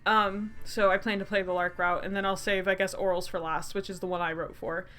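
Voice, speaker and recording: A woman's voice: medium pitch, flat delivery, fairly quick, a bit bright, smooth. A woman streaming a game she helped make, reading the text aloud and chatting casually, laughing often. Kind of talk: casual let's-play narration.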